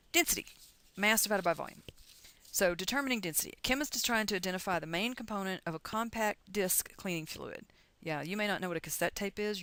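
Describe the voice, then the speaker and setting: A middle-aged American woman teaches chemistry in a recorded lecture, talking through calculations aloud in a chatty, encouraging way. Her voice is on the low side and a bit bright, and the recording is dry.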